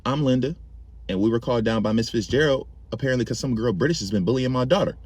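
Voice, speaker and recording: A man's voice: medium pitch, quick pace, darkish tone, breathy edge, no room sound, lightly acted. A man voicing a sweet, courteous mother who speaks politely. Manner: sugary, courteous.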